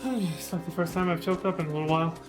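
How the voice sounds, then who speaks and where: A man's voice: on the high side, steady tone, quick pace, music in the background. A man streaming a game, muttering casual reactions and swearing under his breath. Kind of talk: live gameplay commentary.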